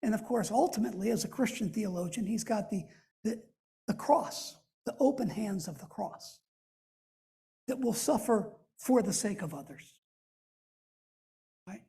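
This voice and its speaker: A man lecturing at a church in a very husky, breathy voice with a mellow, dark tone. He speaks thoughtfully, pausing and restarting phrases as he works through an idea. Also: high voice, expressive. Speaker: guest lecturer.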